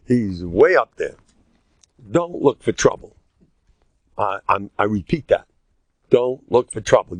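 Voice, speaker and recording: An older man, a rabbi giving a humorous Torah lecture, joking and self-deprecating, now and then bursting into loud, emphatic cries. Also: fairly low pitch, no room sound.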